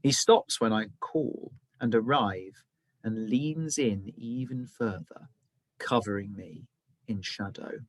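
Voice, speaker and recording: A male teacher reading a children's novel aloud, with expressive, dramatic storytelling. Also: lowish voice, slow pace, no room sound.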